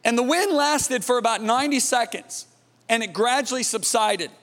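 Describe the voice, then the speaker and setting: A man preaching a sermon, telling a story dramatically and dropping to a hushed, awed tone. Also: extremely high pitch, normal speed, in a large hall. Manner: dramatic, swings from loud emphasis to hushed awe.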